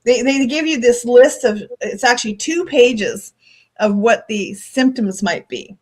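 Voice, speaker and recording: A woman's voice: on the high side, animated, unhurried. A middle-aged woman co-host, talking candidly and emotionally in a casual chat.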